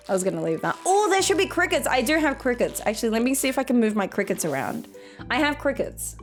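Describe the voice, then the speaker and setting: Playful woman streamer, high and bouncy voice, faint music behind. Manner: playful, giggly, jokey. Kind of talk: casual live-stream chat.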